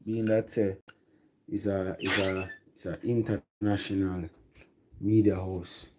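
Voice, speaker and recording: A man's voice: sits low, level tone, slow, a little hiss or hum, poor audio. A Jamaican man giving a rambling, casual music commentary that mixes patois with English. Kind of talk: casual chat.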